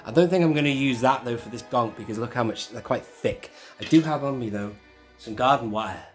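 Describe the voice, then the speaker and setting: A man's voice: medium pitch, a little fast, faint music behind. A man hosting his own channel, talking through a hands-on toy tutorial in a chatty, rambling way that keeps correcting itself. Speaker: toy collector channel host.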